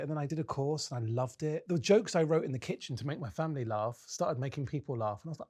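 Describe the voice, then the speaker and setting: A man's voice: on the high side, fast talker, few pauses. A man in his thirties, a comedian guest chatting casually on a podcast and telling self-mocking stories. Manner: animated, self-mocking storyteller.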